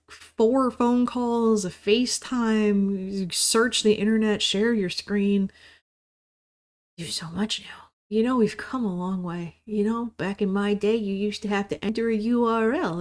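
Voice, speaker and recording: A woman in her thirties hosting a podcast, rambling casually in a solo monologue, swearing often and mock-ranting. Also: medium pitch. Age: 30s. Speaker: podcast host.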